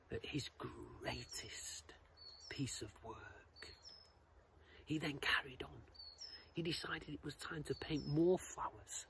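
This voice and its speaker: A man telling a children's story, expressive, shifting between loud lines and whispers. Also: mid-range voice, takes it slowly, creaky, a little hiss or hum, low-quality recording.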